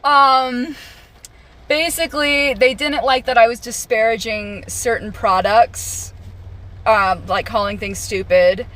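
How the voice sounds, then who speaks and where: A woman telling a casual story about her retail job, giggly and animated, acting out the voices of others. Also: on the high side, slow pace.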